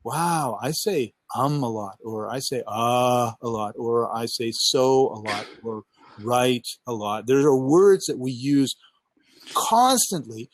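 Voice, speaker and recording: A man coaching on podcasting in a casual chat over a headset mic, talking with lively enthusiasm and acting out his own thoughts. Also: medium pitch, slow, no echo. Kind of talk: casual video call chat. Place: outdoors on a backyard balcony.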